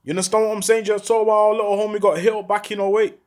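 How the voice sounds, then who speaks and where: Urgent high-voiced talker. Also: male voice, little pitch movement, very fast. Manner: urgent, repeats rhetorical questions, heavy street slang. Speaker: former prisoner speaking out. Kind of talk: impassioned monologue to camera.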